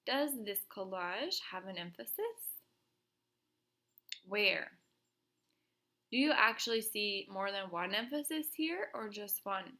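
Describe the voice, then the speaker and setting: A woman teaching an art lesson to young children, explaining gently and asking questions aloud. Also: medium pitch, lively intonation, slow pace, long pauses.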